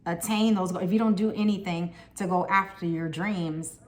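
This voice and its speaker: A woman's voice: fairly low pitch, fairly even intonation, normal speed. A woman doing a casual tarot reading, blunt and profane, with sassy asides aimed straight at the viewer. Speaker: tarot reader.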